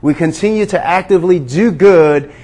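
A man preaching a sermon, earnest and questioning his listeners, slowing down to stress key words. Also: high-pitched, mellow. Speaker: pastor.

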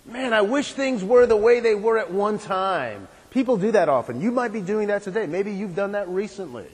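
A man's voice: high voice, animated, moderate pace, slightly rough. A man preaching a sermon as a pastor, repeating his phrases and asking the congregation rhetorical questions. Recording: long hall reverb.

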